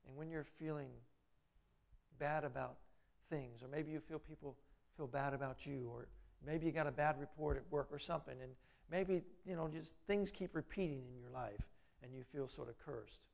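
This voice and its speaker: A middle-aged man preaching a sermon, rising loud on his exhortations and dropping quiet and low when he voices inner doubts. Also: moderate pace, gravelly. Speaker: pastor.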